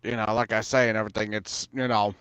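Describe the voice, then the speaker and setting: A man's voice: fairly low pitch, little pitch movement, fast, fairly bright tone, clean tone, dry recording. A man telling a long story in casual chat, rambling with many fillers and frequent swearing. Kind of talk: casual storytelling on an open voice panel.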